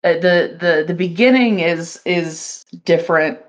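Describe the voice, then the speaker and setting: Slow-talking, low-voiced woman co-host. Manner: laughs easily, unhurried, playful. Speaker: podcast co-host. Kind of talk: casual chat.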